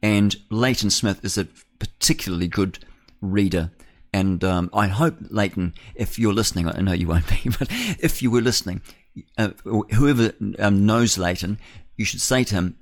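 A male breakfast-radio host talks on at length in a fairly low voice, rambling from point to point. He often laughs at his own remarks. He sounds close to a studio microphone. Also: moderate pace. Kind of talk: opinionated talk radio monologue.

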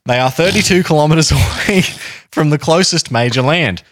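A man's voice: on the high side, moderate pace, fairly bright tone, no room sound, clean studio sound. An Australian man co-hosting a podcast, recounting a story in a rambling, jokey way and often correcting himself. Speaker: podcast co-host. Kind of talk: casual chat, telling a story.

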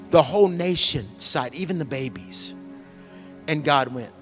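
A middle-aged male pastor preaching a conversational sermon, joking and dropping to hushed, sighing asides. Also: on the high side, moderate pace. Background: soft music.

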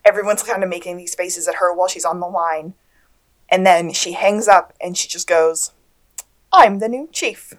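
A woman co-hosting a podcast, recapping a TV episode in an animated way with voiced character lines. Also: on the low side, moderate pace. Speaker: podcast co-host. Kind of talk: casual recap chat.

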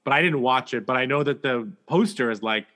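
A man's voice: mid-range voice, a little fast, fairly bright tone. A man co-hosting a casual podcast, playful and easygoing. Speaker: podcast co-host. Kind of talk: casual chat.

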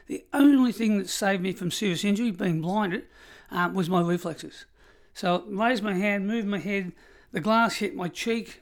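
A middle-aged Australian man, a former prison officer, telling stories in an interview in an emphatic, measured way. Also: sits high. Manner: emphatic, measured storytelling, colloquial. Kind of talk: storytelling interview.

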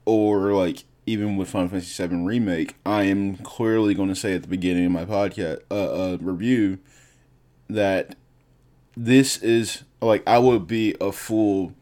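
A man who reviews games, talking on a casual podcast in a halting, rambling way full of "like" fillers. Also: fairly low pitch, darkish tone. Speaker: podcast co-host, game reviewer. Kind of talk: casual gaming podcast chat.

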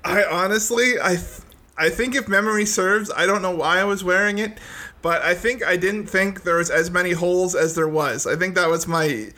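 A man's voice: high voice, moderate pace, pushed and bright. A man telling rambling, self-deprecating work stories in a casual chat, laughing often.

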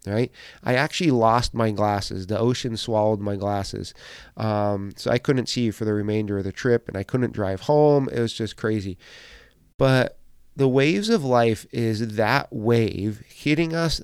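Earnest man giving a smooth devotional talk. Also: mid-range voice, darkish tone, no room sound, studio quality. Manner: earnest, repetitive, conversational preaching with fillers. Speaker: Christian podcast host.

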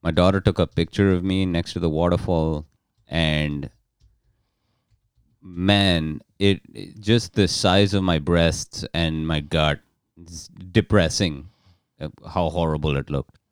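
A man's voice: sits low, steady tone, takes it slowly, clean tone, no room sound, studio quality. A man co-hosting a podcast, talking in laid-back casual banter. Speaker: podcast co-host.

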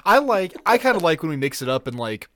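A man's voice: on the high side, big pitch swings, fast talker, bright, forceful tone, slight background noise. A man co-hosting a podcast in casual chat, laughing often and swearing freely as he rambles. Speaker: podcast co-host.

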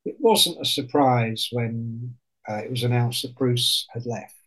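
A man in casual chat on a podcast, telling stories in an animated way and swearing often. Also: mid-range voice, measured pace, husky, low-quality recording.

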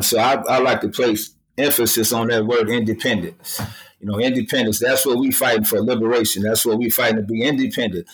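A man's voice: lowish voice, slightly rough, low-quality recording. A man speaking as a guest on a radio talk show, emphatic and colloquial, repeating phrases for stress.

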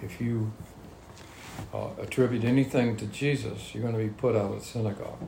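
A man leads a Bible study, reading scripture and then unpacking it in everyday words. His voice sits low with a gravelly edge. The room around him echoes, with a faint hum behind. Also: fairly even intonation, a little fast, warm tone. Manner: reads scripture then explains it in plain talk.

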